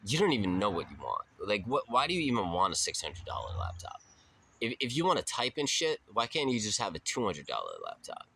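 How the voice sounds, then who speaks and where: A man's voice: medium pitch, wildly swooping pitch, a little fast, pushed and bright, a little hiss or hum. A young man talking in a casual, rambling monologue, laid-back and slangy with profanity, drifting into spiritual musing. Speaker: vlogger.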